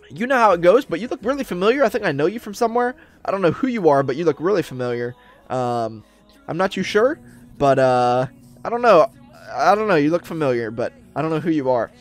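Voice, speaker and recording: A man narrating a roleplay game for viewers, upbeat and chatty, with many fillers. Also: fairly high pitch. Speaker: Roblox roleplay YouTuber. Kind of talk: excited gameplay narration.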